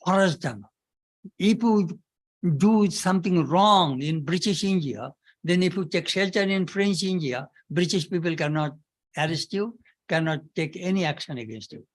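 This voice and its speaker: A man's voice: high-pitched, expressive, brisk. Man giving an emphatic spiritual talk. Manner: emphatic, repeats key words for effect.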